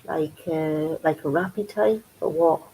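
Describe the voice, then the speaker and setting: A middle-aged woman from County Durham with a North East English accent, telling stories in a chatty vlog and acting out quoted voices with big pitch jumps. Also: a little slow, dark tone, a little hiss or hum, low-quality recording. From County Durham, England. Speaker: crafting vlogger. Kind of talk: casual storytelling chat.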